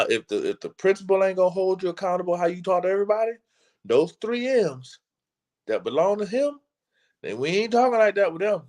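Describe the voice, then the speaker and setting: A man giving a passionate, casual talk as a motivational speaker, emphatic and preacher-like, often stumbling and repeating words as he builds momentum. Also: fairly high pitch. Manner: casual, slangy delivery.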